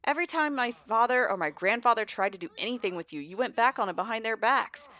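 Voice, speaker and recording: A woman's voice: lowish voice, normal speed, fairly bright tone. A woman voicing a protective young vampire father who firmly scolds an unwanted guest. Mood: angry. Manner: firm, exasperated scolding. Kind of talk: voicing game characters.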